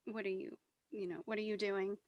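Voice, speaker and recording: A woman voicing a scornful male dark elf leader who questions coldly in a tabletop game. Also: medium pitch, steady tone, brisk, dry recording, highs cut off, close to an everyday voice. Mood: suspicious. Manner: cold, suspicious questioning.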